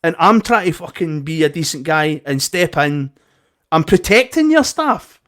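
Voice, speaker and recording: A man's voice: fairly high pitch, animated, normal speed, a bit bright. A young Scottish man telling a heated story in casual chat, swearing and acting out both sides of an argument. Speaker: podcast co-host.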